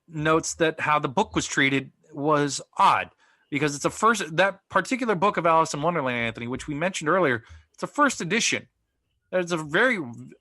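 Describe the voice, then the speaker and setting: Bright tense-voiced guy cohosting a podcast, lots of ums, dead dry room. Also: on the high side, no echo. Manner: recaps plot at length, with frequent ums and uhs. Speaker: podcast co-host. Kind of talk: casual chat.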